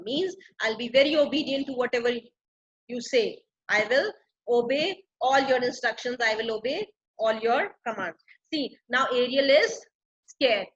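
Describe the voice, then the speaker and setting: A woman's voice: on the high side, unhurried, lo-fi sound. A woman teacher explaining a play line by line, paraphrasing and repeating each phrase for clarity. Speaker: English literature teacher.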